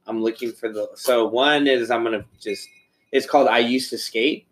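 A man's voice: medium pitch, normal speed. A man chatting casually on a podcast, telling stories and acting out friends' lines, swearing freely. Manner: profane, animated storytelling with quoted voices. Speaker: podcast host. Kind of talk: casual chat.

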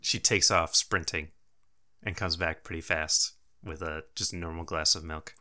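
A man runs a tabletop game with relaxed narration that breaks into laughter. His voice sits low yet rings bright and smooth. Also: unhurried. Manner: casual narration with frequent laughs. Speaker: game master.

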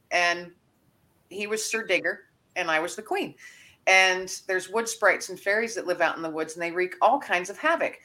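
Bright-voiced woman author, chatty. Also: medium pitch. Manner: earnest, chatty storyteller. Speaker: author guest. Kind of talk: casual podcast interview.

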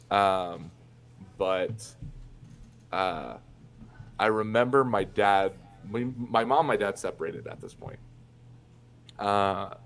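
A man from Indiana who is a podcast guest, telling personal stories in a candid, profane way, with many fillers and restarts. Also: lowish voice. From Indiana, USA. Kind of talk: casual interview storytelling.

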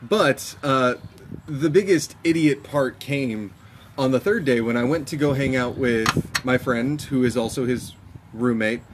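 A man's voice: medium pitch, measured pace. A young man from Texas tells a story among friends in a loose, profane, exasperated way. His voice sits in a middle register. A faint noise hangs behind him. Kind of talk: casual chat.

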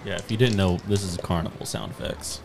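A man's voice: sits low, fairly even intonation, quick pace, soft background music. A man chatting casually as a player in a tabletop game, joking and laid-back. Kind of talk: casual chat.

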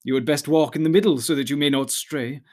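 A grave, wise elf lord of great age, as a man reads him aloud, drawing out his words in slow, solemn cadences. The voice sits a little higher than a plain reading voice and carries an air of ancient dignity, like a figure from a storybook. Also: fairly even intonation, darkish tone, natural voice. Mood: stately. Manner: slow, stately, solemn speech.

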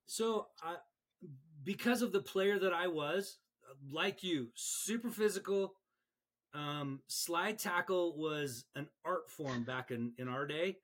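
A man with a slightly high voice hosts a casual podcast chat. He tells referee stories with real animation. Words often come out twice as he rushes ahead. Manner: animated storyteller, repeats words.

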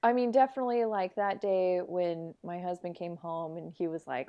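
A woman's voice: mid-range voice, moderate pace, clear, resonant tone, muffled recording. A young adult woman co-hosting a podcast, chatty and agreeable, filling her talk with "like" and "you know". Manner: chatty, agreeable, many fillers like "like". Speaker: podcast co-host. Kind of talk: casual podcast chat.

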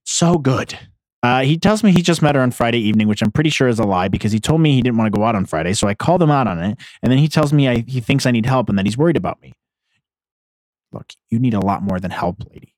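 A man's voice: medium pitch, expressive, fast talker, a little mellow, no echo, studio quality. A man hosting a casual comedy podcast, reacting to online posts with blunt, sarcastic, profane commentary. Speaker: podcast host. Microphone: headphones on, close mic.

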